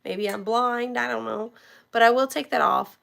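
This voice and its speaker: This woman's fairly high, fairly bright voice is creaky, with fairly even intonation at a normal speed, her throat sore from talking. She hosts a live auction stream from home, chattily greeting viewers by name as she shows items.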